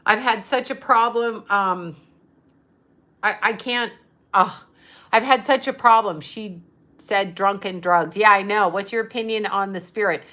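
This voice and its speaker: Woman livestream host, bright tense voice, rambling and exasperated, curses freely, phone mic. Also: on the high side. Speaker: psychic medium livestreaming to followers. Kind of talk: casual livestream chat reading comments.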